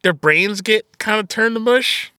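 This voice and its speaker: Man, podcast co-host, casual movie chat, bright voice, dry close sound, swears a lot. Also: high voice, unhurried, no echo. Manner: swearing, laughing, acts out characters in quotes.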